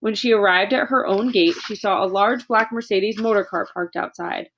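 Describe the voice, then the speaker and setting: A woman narrating a children's book aloud in a steady storytelling voice. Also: medium pitch, normal speed, slight background noise. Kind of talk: audiobook reading.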